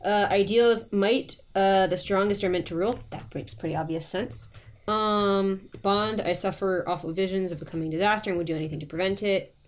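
A woman's voice: mid-range voice, fairly even intonation, fairly quick. A woman at a tabletop game session, joking and laughing, reading out her character's traits in casual chat. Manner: joking, giggly.

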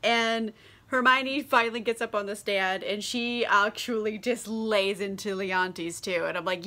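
Tipsy young woman vlogging, giggly, swears a lot, says like constantly, bright voice. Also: medium pitch, a little slow. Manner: giggly, crude, gushing, heavy on "like". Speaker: book vlogger. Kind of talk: casual, profane book summary.

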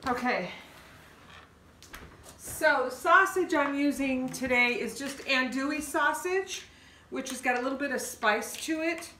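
A woman's voice: high-pitched, a little slow, pushed and bright, a little hiss or hum. Woman, home cooking host, casual and folksy, walks through each step; roomy kitchen sound. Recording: echoey kitchen, mic a bit far off.

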